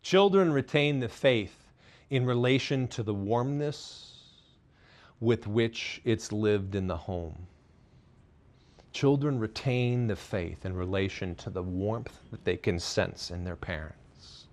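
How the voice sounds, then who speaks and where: Speaking slowly, the man talks parenting and faith to a studio audience. He's frank and pokes gentle fun at himself, his volume and pitch shifting from loud, high emphasis to soft, low side comments.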